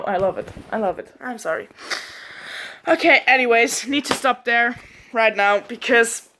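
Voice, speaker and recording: A woman's voice: on the high side, moderate pace, bright, forceful tone, soft background music. A woman reading a fan fiction aloud and reacting to it in a gushing, emotional, self-mocking way.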